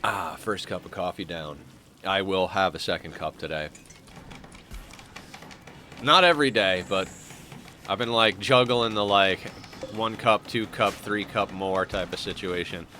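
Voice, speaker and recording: A man's voice: sits low, a little slow, long pauses, pushed and bright, slight background noise. A man casually commenting on his game as he plays, stuffed up with a morning voice and rambling with fillers as he thinks aloud. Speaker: streamer playing a colony sim.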